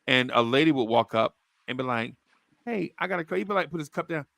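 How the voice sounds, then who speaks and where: Gravelly New man hosting a podcast. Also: medium pitch, fast, no echo. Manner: animated storyteller, acts out quotes. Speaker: podcast host. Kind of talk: casual sports chat.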